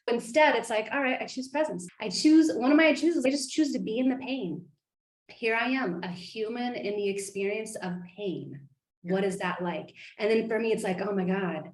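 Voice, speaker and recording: Woman life coach, earnest and animated on a group call, mid pitch, echoey room sound. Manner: earnest, animated, acts out inner voices.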